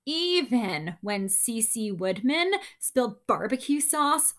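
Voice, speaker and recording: A woman reading a picture book aloud to children, with expressive, chatty asides to her young listeners. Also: on the high side, slow. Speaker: story time reader.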